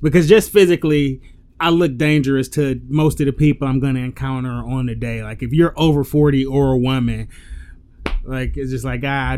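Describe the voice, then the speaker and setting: A man's voice: mid-range voice, a little mellow, clear, resonant tone. A man who works at a hardware store, talking bluntly and firmly in casual chat and laughing often.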